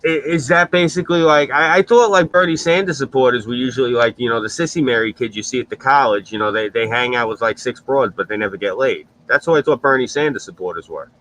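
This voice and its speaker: A man's voice: mid-range voice, fast, few pauses, fairly bright tone, poor audio. A man in casual chat, telling blunt, profane stories on a stream.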